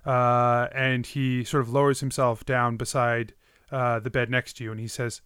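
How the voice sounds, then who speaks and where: A man's voice: medium pitch, little pitch movement, moderate pace, a bit bright, smooth, no room sound. Guy game-mastering a tabletop game, middle voice, dry close sound, lots of ums. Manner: descriptive, with frequent fillers.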